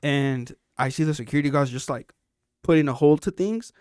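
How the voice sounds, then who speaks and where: Profane storytelling man, smooth voice. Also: fairly high pitch, brisk, no room sound, clean studio sound. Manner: animated, profane storytelling, acting out quotes. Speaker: podcast host. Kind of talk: casual storytelling chat.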